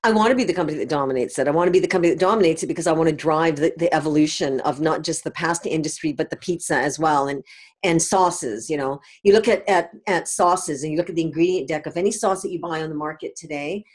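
A middle-aged Canadian woman who founded a company speaks emphatically in a podcast interview. Her voice sits low and moves fast, and she keeps tagging her statements with "right?" to check in.

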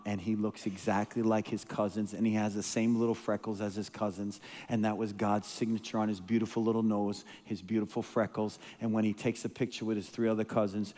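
A guest preacher tells stories in an emotional, rambling sermon, restarting often and repeating words. His voice is on the low side and warm, with long hall reverb from the church sanctuary.

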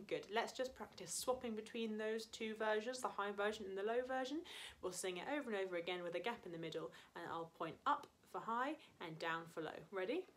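A woman's voice: mid-range voice, lively intonation, a little fast, fairly bright tone. A woman music teacher leading an online singing lesson for children, patient and encouraging as she explains and counts in. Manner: encouraging, patient, speaks to young learners.

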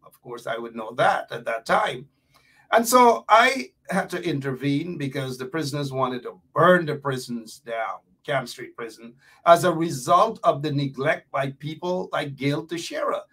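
A man talks with heat and mockery, stacking up emphatic lists. His voice sits high for a man. It sounds a little distant from the microphone. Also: animated, measured pace, a bit bright, breathy edge. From Guyana. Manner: fiery and mocking, with rising emphatic lists. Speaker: guest. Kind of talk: heated talk show call. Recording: voice a bit far from the mic.

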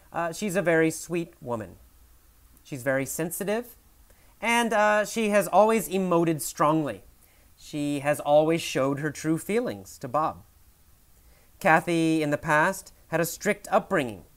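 A man teaching English, telling a mini story slowly and with emphasis, then patiently explaining it to learners. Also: a little high, a bit bright. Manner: slow, emphatic storytelling with repeated phrases.

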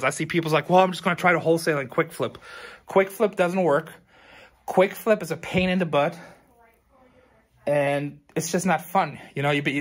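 In a fairly high, fairly bright voice, a tired man who runs a thrift store chats casually with his viewers. As a vlogger talking to camera, he rambles and gives frank advice.

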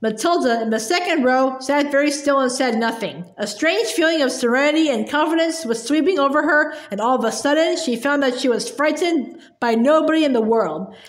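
Woman narrator, high voice, expressive read-aloud, echoey room. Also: fairly quick, hardly any pauses. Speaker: storybook reader. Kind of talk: chapter book read-aloud.

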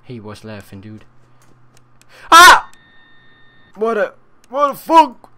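Casting: young man on a desk mic, slightly high, cursing horror-game commentary. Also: huge pitch swings, normal speed. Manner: swears a lot and yells at jump scares. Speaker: let's play gamer.

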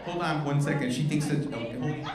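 A male stand-up comedian doing loud, profane crowd work from a club stage, teasing the audience. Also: on the high side, fast talker. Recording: echoey live club with crowd noise. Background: audience laughter and bar chatter.

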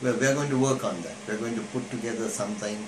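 A deep, calm doctor with a measured, reassuring manner, as a man puts him on. The voice sits low and sounds in a roomy space, with a loud air-conditioner hum running underneath. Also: close to an everyday voice. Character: calm male doctor questioning a patient.

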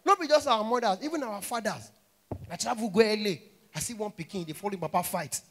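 High-voiced Nigerian man doing stand-up. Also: brisk. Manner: animated storytelling, mixing Pidgin, acting out characters. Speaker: stand-up comedian. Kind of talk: stand-up comedy set. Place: stage at a live show.

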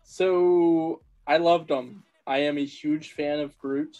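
A man's voice: on the high side, fairly even intonation, takes it slowly, dark tone, faint music behind, rough recording. A man talking as a guest on a casual podcast, upbeat and laughing often.

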